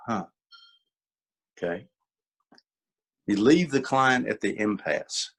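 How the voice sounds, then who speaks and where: A man with a low, husky voice leads an informal workshop. He repeats his key points with emphasis. He acts out bits of dialogue to make them clear. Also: takes it slowly, long pauses. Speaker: workshop presenter and author. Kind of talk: informal teaching talk.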